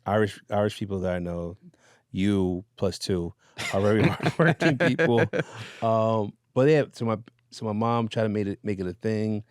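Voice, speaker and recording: A man, a radio DJ guest, telling stories in a relaxed, casual interview chat with fillers and laughs. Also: fairly low pitch, moderate pace, no room sound, clean studio sound.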